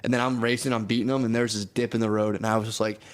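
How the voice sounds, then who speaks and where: A man's voice: fairly low pitch, flat delivery, rapid-fire. A man telling stories in a casual podcast chat, loose and profane, with lots of "dude" and "like". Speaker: podcast co-host.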